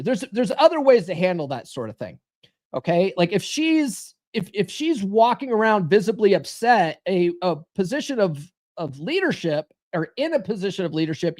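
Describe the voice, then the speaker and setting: A blunt male host on a live-stream advice show, with a high-pitched voice. He coaches his listeners directly and slips into quick impressions of the people he quotes. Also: animated, darkish tone. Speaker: podcast host.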